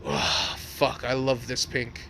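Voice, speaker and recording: A man's voice: fairly high pitch, flat delivery, a little slow, pushed and bright, a little hiss or hum. A man voicing a flustered, cocky teenage hero boy who swears when exasperated. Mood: smug.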